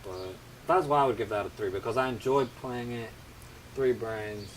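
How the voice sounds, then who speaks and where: A man's voice: medium pitch, moderate pace, slight background noise, rough recording. A man joining a podcast as a guest, chatting casually in a wry, joking way.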